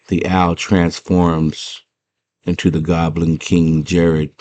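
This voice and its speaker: A man in a casual, slangy movie recap, retelling scenes as an animated storyteller. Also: deep voice, takes it slowly. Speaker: movie fan retelling a film.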